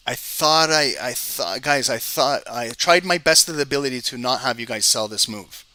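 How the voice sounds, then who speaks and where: A man's voice: mid-range voice, normal speed, bright, forceful tone, no echo. A man giving live screen-share trading commentary, talking straight to his viewers, exasperated, often repeating words as he explains. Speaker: trading educator.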